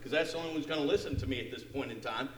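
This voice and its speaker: A man preaching a sermon, animated, acting out the story and putting questions to his listeners. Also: mid-range voice, racing, reverberant, slight background noise. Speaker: pastor.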